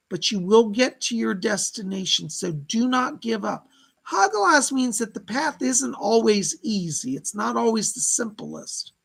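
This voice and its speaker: Male psychic host, casual live reader, gravelly and husky tone, chatty with viewers. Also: extremely high pitch, low-quality recording. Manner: chatty, reads out viewer comments, laughs often. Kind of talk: casual live-stream reading.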